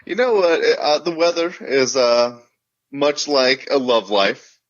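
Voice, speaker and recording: A man co-hosting a comics podcast in casual chat, joking in a deadpan way. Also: mid-range voice, slow. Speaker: podcast co-host. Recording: dull lo-fi sound.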